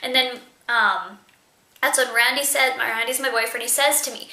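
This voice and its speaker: A woman's voice: a little high, brisk, bright, forceful tone. A young woman telling a story in a casual, chatty vlog, with lots of fillers. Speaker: vlogger. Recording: echoey room.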